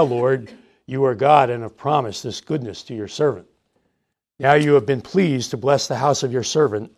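A man's voice: fairly high pitch, darkish tone. A man teaching doctrine and reading scripture aloud with rising emphasis. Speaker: Bible teacher.

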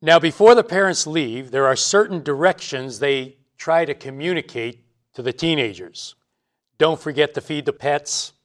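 A man's voice: fairly high pitch, normal speed. Male preacher, teaching sermon, emphatic, repeats points for a congregation. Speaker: pastor. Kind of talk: expository Bible sermon.

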